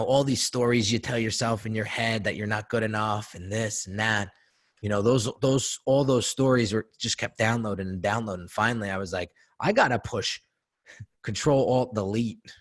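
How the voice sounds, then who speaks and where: A man talking as a podcast guest, telling a personal story in an earnest, conversational way, often repeating himself. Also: lowish voice.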